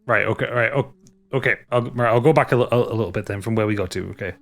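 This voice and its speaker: A man narrating a tabletop game as its game master, mid-pitched and plain-voiced. He stumbles and restarts often as he sets the scene. He is heard over a video call. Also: faint music behind. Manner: halting, full of restarts.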